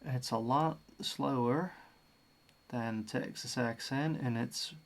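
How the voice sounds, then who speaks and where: Slow-talking, easygoing Australian man. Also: mid-range voice, slight background noise. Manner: chatty, muses about accents. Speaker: livestream host. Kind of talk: casual stream chat.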